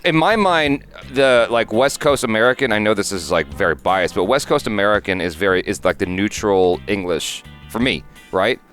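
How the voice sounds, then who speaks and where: A man co-hosting a casual TV episode review, talking in a relaxed, thoughtful way with loose restarts. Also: lowish voice, moderate pace, few pauses, faint music behind.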